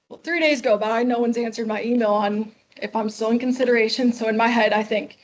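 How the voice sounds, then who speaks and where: Young woman from Chicago, guest speaker, animated storyteller, slightly high voice. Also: fast, few pauses. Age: 20s. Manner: lively, acts out quoted dialogue. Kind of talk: storytelling talk to a class. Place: classroom.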